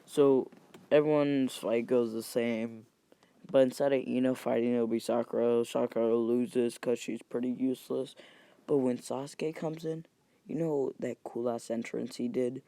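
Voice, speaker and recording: Gravelly young man rambling a story. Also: mid-range voice, steady tone, measured pace, mellow, dry recording. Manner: rambling, profane, self-correcting. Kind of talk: casual retelling of a fan story.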